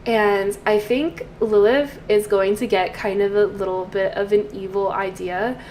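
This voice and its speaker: A woman's voice: medium pitch, steady tone, measured pace, a little mellow, slight background noise. A woman giving casual commentary over a life-sim game, chatty and storytelling, with trailing fillers. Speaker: let's play host.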